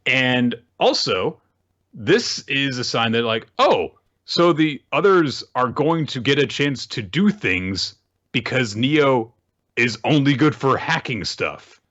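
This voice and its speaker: A man co-hosting a casual recap podcast, explaining plot points and correcting details in a measured way. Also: mid-range voice, very animated, a bit bright, muffled recording. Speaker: podcast co-host.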